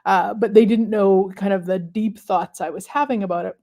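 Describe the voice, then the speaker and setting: A woman hosting a live stream, talking casually and reflectively to viewers with many pauses and fillers. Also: medium pitch, steady tone, dark tone. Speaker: host of a manifestation livestream.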